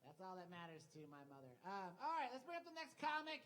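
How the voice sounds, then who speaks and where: A woman's voice: high-pitched, expressive, quick pace, hardly any pauses, fairly bright tone, a little hiss or hum, low-quality recording. A woman hosting a live comedy show on a club stage, loose and hyping up the crowd between acts. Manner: loose, hypes up the audience.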